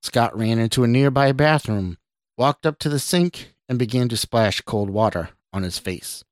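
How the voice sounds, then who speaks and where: A man, a podcast host, reading his own short story aloud in an even, measured way. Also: medium pitch, dry recording.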